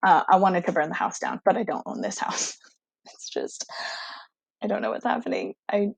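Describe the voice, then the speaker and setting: A young woman teacher telling her students a casual, animated story, excitable and full of "like". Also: medium pitch, moderate pace, creaky, breathy edge, no echo.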